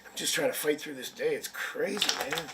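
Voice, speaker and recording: Brief: man, somewhat high voice, rambling live tarot reader who jokes, faint hum behind. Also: fairly quick, distant mic. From Canada. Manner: chatty, rambling, jokey. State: sniffly with a headache. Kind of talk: live-stream chat.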